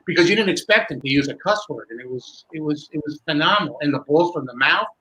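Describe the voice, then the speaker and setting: Bright, lively man telling stories. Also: fairly high pitch, fast, poor audio. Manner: lively, building suspense with self-interruptions. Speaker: magician recalling a fellow performer. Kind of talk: animated storytelling in conversation.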